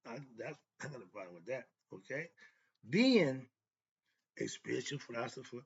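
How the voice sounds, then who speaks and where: Older man, spiritual teacher type, emphatic monologue, raspy and gravelly voice, dull lo-fi recording. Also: fairly high pitch, a bit bright. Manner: emphatic, repetitive, asks himself rhetorical "why?". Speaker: self-described spiritual teacher. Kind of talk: casual spoken monologue.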